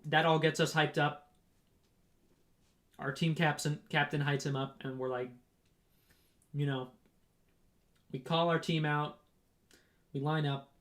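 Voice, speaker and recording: A young man telling a story in a casual, rambling way, checking in with "right?" and filling pauses with "um". His voice sits a little high for a man. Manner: rambling, animated, frequent "right?" and "um". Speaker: runner on a race team.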